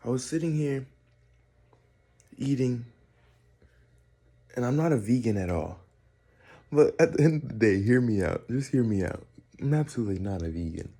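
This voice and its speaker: A young man talks straight to camera from his kitchen in a loose, rambling monologue. His voice sits in an ordinary middle pitch, and he swears offhandedly and stumbles over restarts as he works through a thought. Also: expressive, moderate pace, pauses often, dark tone, breathy edge. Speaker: vlogger.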